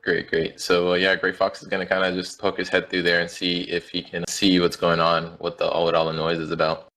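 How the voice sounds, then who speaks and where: A man's voice: sits low, completely flat delivery, fairly quick, sharp tone. A man playing a tabletop game, chatting casually and a bit hesitantly. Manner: hesitant, laughs often. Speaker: player.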